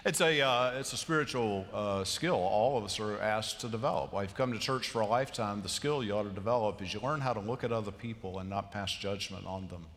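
A man's voice: lowish voice, a little fast, hardly any pauses. Man preaching in a reverberant hall. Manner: conversational, wide swings from animated to hushed. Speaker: pastor. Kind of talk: sermon. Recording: long reverb of a large hall.

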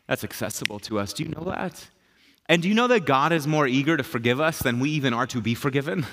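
A man's voice: mid-range voice, animated, fairly quick, fairly bright tone. A middle-aged man, a pastor, preaching a sermon in a conversational, emphatic way, repeating his key phrases.

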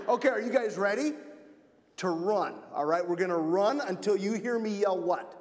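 A man from Wisconsin giving an energetic children's message in church, playful and repeating himself to keep the kids with him. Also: sits high, moderate pace. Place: church sanctuary. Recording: long church reverb.

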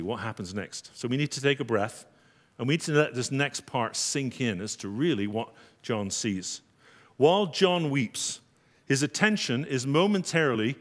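A man pastor preaching a sermon, dramatic, rising high on quoted lines. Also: big-room sound.

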